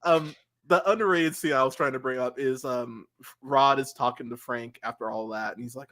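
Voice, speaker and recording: A man co-hosting a movie podcast, chatting casually and rambling excitedly through film scenes with lots of fillers and laughter. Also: medium pitch, moderate pace. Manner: rambling, animated, laughs a lot, many "like" fillers. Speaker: podcast co-host. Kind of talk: casual film review chat.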